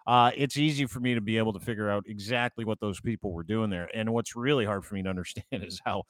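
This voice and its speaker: A man's voice: on the low side, no echo. A man, co-hosting a casual podcast, crude and sarcastic with lots of swearing. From Canada. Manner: crude, sarcastic, quick to joke. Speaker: podcast co-host. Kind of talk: casual profane banter.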